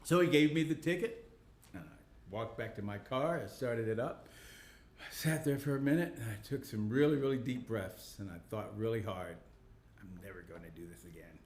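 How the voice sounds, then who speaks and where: A man's voice: mid-range voice, animated, moderate pace, darkish tone. A man, a fiddler, telling a playful story between tunes at a live session and laughing often. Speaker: fiddler and performer. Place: small historic listening room. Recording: roomy live room with faint noise.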